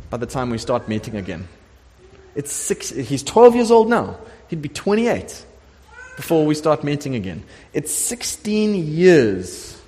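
A middle-aged man preaching a sermon as a pastor, telling the story in a lively way and acting out the voices of the people in it. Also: medium pitch. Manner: animated storytelling preacher, acts out quoted voices. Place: church sanctuary. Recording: long church hall reverb.

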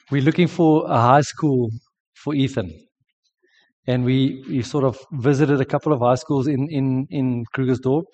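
A man's voice: medium pitch, darkish tone, big-room sound, highs cut off. A South African man in his forties, sick with a sore throat, telling an earnest sermon story with frequent restarts. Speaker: preacher. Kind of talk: sermon testimony.

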